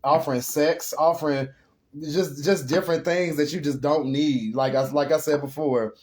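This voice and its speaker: A man's voice: on the high side, fairly even intonation, moderate pace. Earnest man giving a tarot reading. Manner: earnest, emotional, rambling; addresses viewers as y'all. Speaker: tarot reader. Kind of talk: casual spiritual tarot reading.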